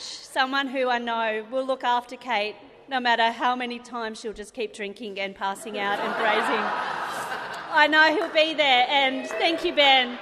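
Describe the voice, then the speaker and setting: A high-pitched woman in her thirties, speaking with an Australian accent, gives her sister's wedding speech amid background noise. The speech is rambling and chatty, punctuated by frequent laughs. The setting is a wedding reception venue, and the sound has a reverberant hall quality.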